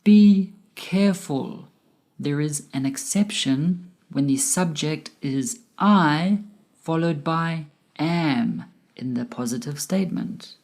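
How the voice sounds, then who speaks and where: A woman with a low, mellow voice teaches a scripted grammar lesson. She speaks slowly and deliberately, and she stretches the rise and fall of her example sentences to show the intonation. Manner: slow, deliberate, with exaggerated rising and falling example intonation. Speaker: English teacher.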